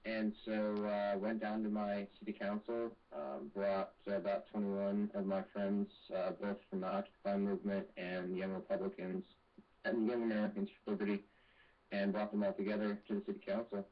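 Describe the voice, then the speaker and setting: A man's voice: lowish voice, flat delivery, moderate pace. A young man as an interview guest over a call, telling his story in an earnest, intense way. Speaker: guest, activist. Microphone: Skype call. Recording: distant, dull Skype call audio.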